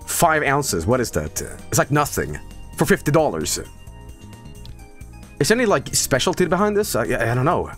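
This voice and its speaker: A man's voice: mid-range voice, sing-song, moderate pace, long pauses, fairly bright tone, soft background music. A man streaming live, joking casually with lots of swearing and laughter. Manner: profane, joking, often laughing.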